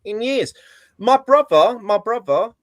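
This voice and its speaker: A man's voice: high voice, expressive, measured pace, fairly bright tone, dry recording. A man on a football podcast panel, talking in a sarcastic, ranting way. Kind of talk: casual football chat.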